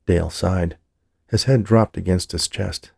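Deep gravelly male audiobook narrator. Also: fairly even intonation, measured pace, darkish tone, no echo, clean studio sound. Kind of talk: scripted narration.

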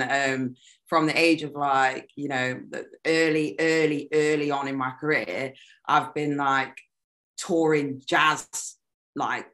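Lively woman, bright tone. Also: low-pitched. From United Kingdom. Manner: animated, laughs often, trails off mid-sentence. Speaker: musician guest. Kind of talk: casual interview chat.

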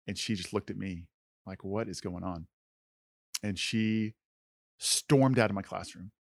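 A man's voice: on the low side, a little slow, vocal fry, dry recording. A man co-hosting a podcast, telling a personal story in an earnest, conversational way with lots of filler words. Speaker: podcast co-host.

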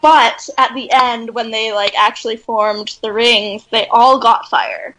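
A woman's voice: a little high, steady tone, a little slow, a bit bright, rough recording. A young woman from Canada, co-hosting a casual chat in a rambling, chatty way and laughing often. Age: young adult.

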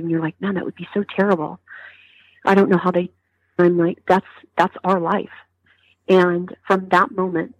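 A woman, a grieving mother, telling her story in an interview in a halting way with many restarts. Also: fairly low pitch, dry recording, lo-fi sound. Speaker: mother of a murder victim, interview guest. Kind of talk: emotional interview testimony.

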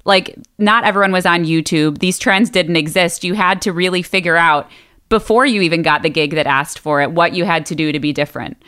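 Bright-voiced woman co-host. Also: fairly low pitch, steady tone, brisk, clear, resonant tone. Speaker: podcast co-host. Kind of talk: casual podcast chat.

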